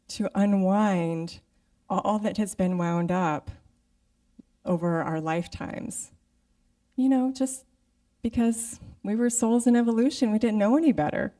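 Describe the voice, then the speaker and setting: A woman's voice: mid-range voice, steady tone, unhurried, mellow, far from the mic. A middle-aged woman giving a conversational sermon as guest speaker, acting out her own inner voice. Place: church sanctuary.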